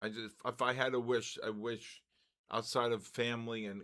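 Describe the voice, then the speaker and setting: Excitable older man calling markets live. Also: mid-range voice, moderate pace. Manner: excitable, greets viewers, stumbles over words. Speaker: trading stream host.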